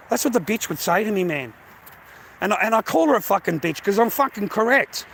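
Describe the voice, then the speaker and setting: An Australian man vents in a bitter, aggrieved rant, swearing constantly and circling back to the same complaints. His voice sits a touch higher than most men's. A faint hum of background noise stays under him. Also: expressive, brisk, gravelly, fairly bright tone. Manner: aggrieved, heavy swearing, repetitive. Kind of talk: angry personal rant.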